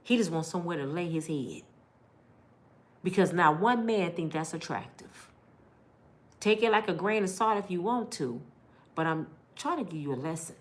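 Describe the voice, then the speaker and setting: Lively middle-aged woman giving heartfelt advice. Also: lowish voice, moderate pace, long pauses. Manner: animated, preachy, big-sister tone. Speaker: vlogger giving life advice.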